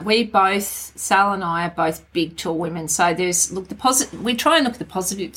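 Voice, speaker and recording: A woman's voice: on the low side, fairly bright tone, breathy edge. A middle-aged Australian woman co-hosting a casual podcast chat, talking in a frank, wry and blunt way. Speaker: podcast co-host.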